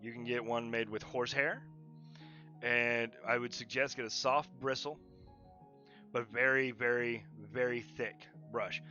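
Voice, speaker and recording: A man's voice: medium pitch, pushed and bright, muffled recording. A man chatting casually and rambling while drawing on a livestream, laughing often. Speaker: livestreaming digital artist.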